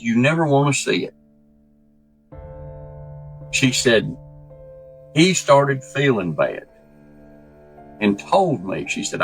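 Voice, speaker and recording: A man telling a true story in a folksy, animated way, acting out the voices he quotes. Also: mid-range voice. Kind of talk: casual spoken storytelling.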